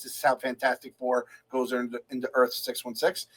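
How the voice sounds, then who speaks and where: A man co-hosting a podcast, excitably acting out his own reactions in a casual movie review chat. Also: medium pitch, brisk, few pauses, rough recording. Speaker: podcast co-host.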